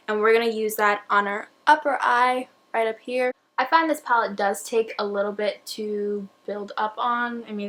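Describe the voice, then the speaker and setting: A woman's voice: fairly high pitch, fairly bright tone, rough recording. A young woman talking through a makeup tutorial in a chatty, rambling, self-deprecating way, a little out of breath. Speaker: beauty vlogger.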